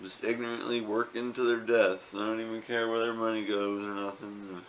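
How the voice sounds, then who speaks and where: A man's voice: on the low side, flat delivery, normal speed, a bit bright, slight background noise. A man talking casually to a home camera, rambling with fillers and repeated words. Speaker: vlogger. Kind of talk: casual home video talk.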